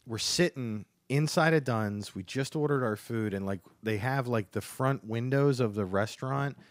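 A male comedian in casual chat, telling a story with bursts of acted-out dialogue that leap up in pitch. He swears freely and sounds relaxed between the peaks. The sound is dry and close. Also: moderate pace, dry recording. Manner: swears freely, acts out quotes with big pitch jumps. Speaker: stand-up comedian guest.

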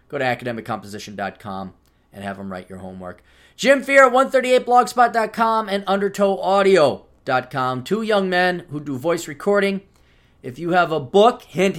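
Sardonic, profane man ranting on his podcast. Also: on the high side. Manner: mock voices in quoted asides. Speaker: podcast host. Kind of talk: solo podcast monologue.

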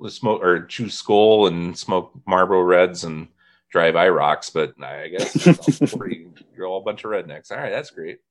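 A man with a very low voice hosts a relaxed conversation. He spins stories, breaks into laughter, and mimics the people he quotes. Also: normal speed. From northern Indiana. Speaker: podcast host. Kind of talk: casual chat.

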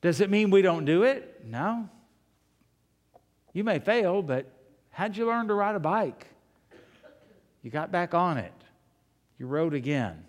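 Folksy preacher in a reverberant hall. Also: male voice, fairly high pitch. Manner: folksy storytelling, rhetorical questions. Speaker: pastor. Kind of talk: sermon. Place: church sanctuary.

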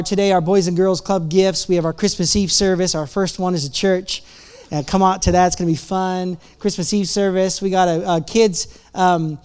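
Male pastor, casual sermon delivery, resonant and smooth. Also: sits high. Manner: casual, chatty preaching with self-interruptions. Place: church.

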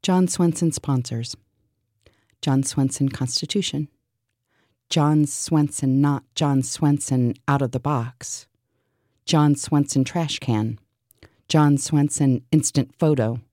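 Very low slow woman reading absurd lists deadpan, dry sound. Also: dry recording. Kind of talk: surreal spoken word list.

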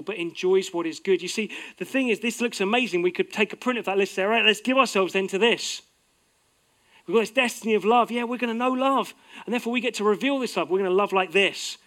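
A middle-aged man preaching a sermon, earnest, swinging from emphatic outbursts to soft, low-voiced reflection. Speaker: pastor.

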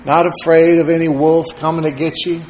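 A man's voice: on the high side, little pitch movement, fairly quick, a little mellow, roomy sound, rough recording. A man preaching a sermon to his congregation. He quotes scripture with rising fervor and calls on listeners by name. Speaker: pastor.

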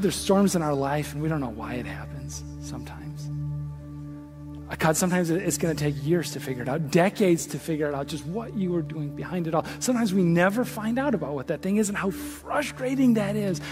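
High-voiced preaching pastor, a man. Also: in a large hall. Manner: impassioned preaching that drops to a hushed prayer. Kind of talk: sermon.

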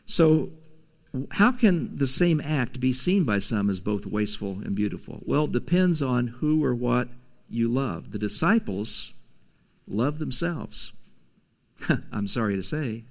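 A man preaching a conversational sermon, reading scripture and adding casual asides with soft laughs. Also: mid-range voice, creaky. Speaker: pastor.

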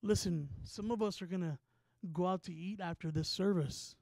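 High-voiced preacher telling a story. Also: male voice, moderate pace, no echo. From Texas. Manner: storytelling with rising excitement and stammered repeats. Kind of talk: sermon.

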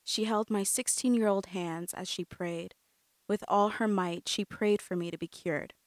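A young woman reading a personal story aloud, quiet and reflective, breaking into sharp acted-out quotes. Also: mid-range voice, fairly even intonation, measured pace, dry recording. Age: young adult. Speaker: narrator.

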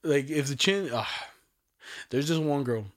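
A man's voice: on the high side, expressive, unhurried. Laid-back young man telling stories. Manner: laid-back storytelling, heavy slang, laughs often. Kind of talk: casual chat.

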